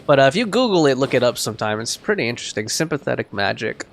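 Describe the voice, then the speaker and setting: A man talks over a game in casual, rambling commentary, using lots of filler words. His mid-pitched voice is animated. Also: quick pace, vocal fry, a little hiss or hum. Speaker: gameplay commentator. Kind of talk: casual let's-play commentary.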